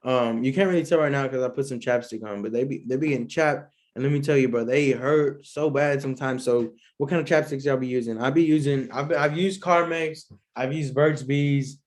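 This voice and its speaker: A man's voice: medium pitch, fairly even intonation, moderate pace. A young man, hosting a solo podcast in a laid-back, rambling way and laughing often. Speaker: podcast host. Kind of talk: casual solo podcast chat.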